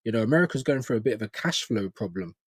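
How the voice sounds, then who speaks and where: A man's voice: fairly low pitch, lively intonation, very fast, dry recording, clean studio sound. A man co-hosting a casual football chat, chatty and emphatic, with slang. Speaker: co-host.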